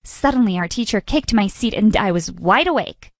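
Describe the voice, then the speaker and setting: A woman telling a first-person animated story in a dramatic, expressive narration. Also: mid-range voice, moderate pace, no echo, clean studio sound. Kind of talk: scripted narration.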